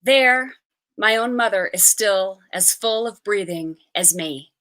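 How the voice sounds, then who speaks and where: A woman reading a short story aloud with an expressive, animated delivery. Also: mid-range voice, slow pace. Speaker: reader.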